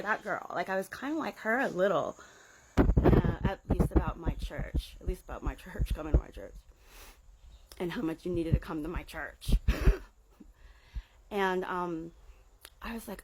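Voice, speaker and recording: A woman's voice: on the low side, expressive, unhurried, long pauses, very noisy. A woman in her forties telling a rambling, sardonic story to the camera, with frequent laughs and side remarks. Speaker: vlogger recounting her past in a cult. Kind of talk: casual storytelling monologue.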